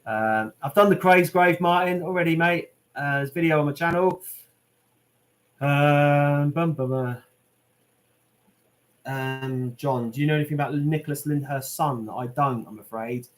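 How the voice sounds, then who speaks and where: A British man with a fairly high voice and fairly even intonation hosts a live question-and-answer stream, speaking unhurriedly and pausing often. Chatty and casual, he reads out viewer comments and answers the live chat, leaning heavily on "um" and "mate."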